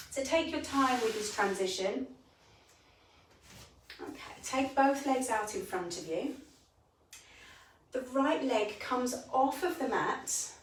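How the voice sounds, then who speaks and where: A woman teaching a bedtime yoga class, calmly cueing each breath and movement. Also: on the high side, slight background noise. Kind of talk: guided yoga instruction. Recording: echoey room, voice from a distance.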